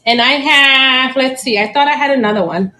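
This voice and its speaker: Hosting a relaxed live plant auction, a middle-aged woman chats away in a high, sharp voice at normal speed, heard through poor audio. She giggles a lot, trips over plant names, and occasionally spells them out.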